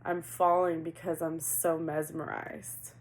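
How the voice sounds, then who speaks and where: Woman tarot reader, low gravelly voice, chatty and animated, asks questions aloud, faint hiss. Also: unhurried, poor audio. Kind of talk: casual tarot reading.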